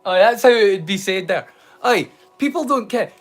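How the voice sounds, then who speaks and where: A man's voice: high voice, expressive, normal speed. A man with a Scottish accent hosting a live watch-along stream, chatting casually and rambling playfully into silly rhymes and jokes. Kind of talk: casual livestream chat.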